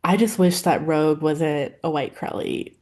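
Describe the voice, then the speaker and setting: A woman's voice: low voice, normal speed, a little mellow. A woman vlogger chatting casually about nail polish, rambling with lots of fillers and openly emotional.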